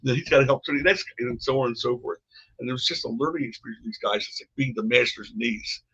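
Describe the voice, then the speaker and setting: A man's voice: medium pitch, quick pace, pushed and bright, breathy edge. An older man, a podcast guest, telling rambling stories from his past with frequent restarts. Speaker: podcast guest, former wrestling promoter. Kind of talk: casual storytelling conversation. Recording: dull lo-fi podcast audio.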